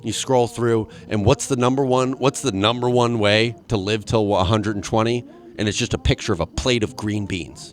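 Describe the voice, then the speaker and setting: A man's voice: fairly low pitch, moderate pace, soft background music. A young man hosting a solo comedy podcast, rambling and self-mocking with many restarts. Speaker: podcast host.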